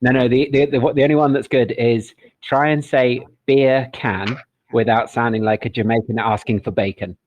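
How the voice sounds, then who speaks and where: A man's voice: medium pitch, steady tone, normal speed, no echo, highs cut off. A man with a British accent, a community moderator, joking and laughing often in a casual voice chat.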